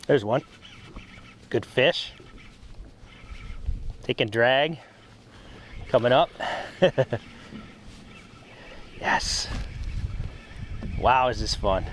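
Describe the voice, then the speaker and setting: A man narrating casually while fishing from a boat on a lake, relaxed and chatty, breaking into excited whoops when a fish bites. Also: medium pitch, very slow, pauses often, slight background noise. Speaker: fishing vlogger.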